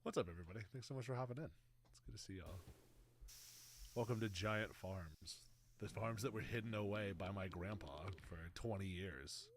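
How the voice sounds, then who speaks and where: A young man streaming a game, with animated, joking commentary as he talks back to the game. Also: on the low side, moderate pace, a little hiss or hum. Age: young adult. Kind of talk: casual gameplay commentary.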